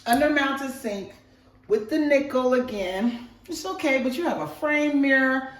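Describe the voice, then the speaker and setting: Woman, slow and bubbly, home tour host, echoey rooms, a bit distant from the mic. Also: sits high, expressive. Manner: enthusiastic, gushing, exclaiming over details. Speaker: real estate agent giving a home tour. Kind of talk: casual walkthrough tour. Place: model home, walking through rooms.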